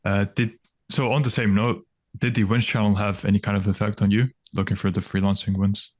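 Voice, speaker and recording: Low-voiced male interviewer, measured. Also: flat delivery, a little mellow, dry recording. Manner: measured, restates the guest's points before asking. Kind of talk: conversational interview questions.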